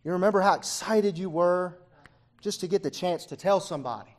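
A man with a notably high voice delivers a sermon. His fervour swings from quiet, close passages to ringing near-shouts. He leans on "uh" as he moves from one phrase to the next. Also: brisk. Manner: frequent "uh" fillers. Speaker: preacher.

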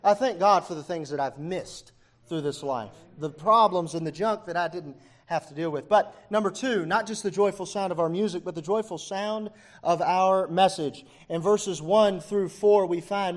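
A man with a notably high voice delivers a sermon. His fervour swings from quiet, close passages to ringing near-shouts. He leans on "uh" as he moves from one phrase to the next. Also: moderate pace. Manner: frequent "uh" fillers. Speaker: preacher.

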